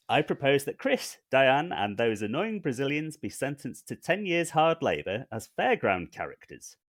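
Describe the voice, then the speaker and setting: A man's voice: medium pitch, dry recording, studio quality. A man, a podcast co-host reading out a prepared scheme in a wry, mock-formal way.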